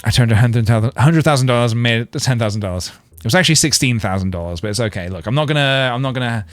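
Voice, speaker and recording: A man's voice: mid-range voice, lively intonation, rapid-fire, no echo, faint music behind. A man streaming a video game, chatting playfully and joking with his viewers. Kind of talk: casual gaming livestream chat.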